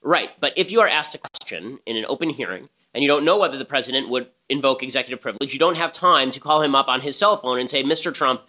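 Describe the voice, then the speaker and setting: Male podcast host, rapid-fire, sharp and bright tone, argumentative. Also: mid-range voice, lively intonation. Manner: emphatic, argumentative. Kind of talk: fast opinionated commentary.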